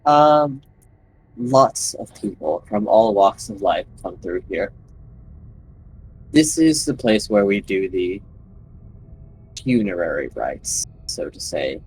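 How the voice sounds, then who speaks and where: Slow, gravelly man in a tabletop game. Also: on the low side, huge pitch swings, a little hiss or hum, rough recording. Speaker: player. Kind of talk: describing a character's hometown in a tabletop game.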